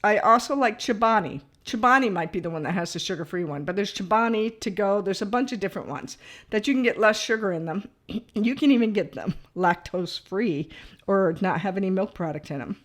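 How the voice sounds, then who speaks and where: Brief: middle-aged woman, nutrition coach, chatty and animated, talks straight to her viewers with a mid-range voice. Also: medium pitch, brisk. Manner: chatty, animated, laughs at herself, frequent "all right?" asides. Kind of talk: casual to-camera talk.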